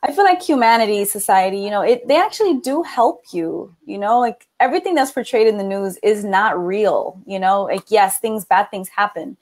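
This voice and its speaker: A woman's voice: medium pitch, animated, normal speed, hardly any pauses, darkish tone. Chatty woman hosting an interview. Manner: chatty, laughs often, asks follow-up questions. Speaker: interview host. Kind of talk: casual interview conversation.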